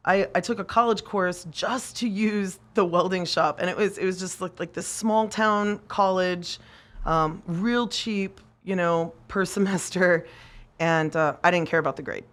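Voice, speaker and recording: A woman with a somewhat low voice tells her story to podcast hosts. She is casual and animated, swears freely, laughs often, and acts out the voices of the people she talks about. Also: unhurried. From United States. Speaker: podcast guest, machinist.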